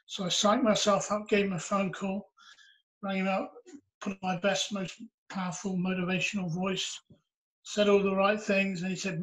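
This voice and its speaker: High-voiced man telling his story. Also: little pitch movement, moderate pace, fairly bright tone, rough recording. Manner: earnest, reflective storytelling. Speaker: interviewee sharing his testimony. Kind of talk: personal storytelling.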